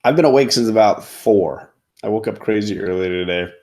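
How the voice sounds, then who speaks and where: A man's voice: on the low side, brisk, darkish tone. A man hosting a casual comics livestream from home, rambling with lots of fillers. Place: home, in front of a comic display.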